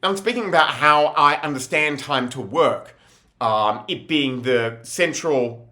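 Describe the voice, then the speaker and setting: A man's voice: medium pitch, a little slow, pushed and bright. A young man telling rambling, laughing, slangy stories in a casual monologue. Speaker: vlogger.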